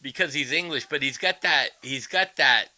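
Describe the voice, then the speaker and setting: A man's voice: mid-range voice, moderate pace, pushed and bright, rough recording. A man guitarist chatting casually on a live stream, rambling, greeting viewers and showing licks. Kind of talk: casual livestream chat.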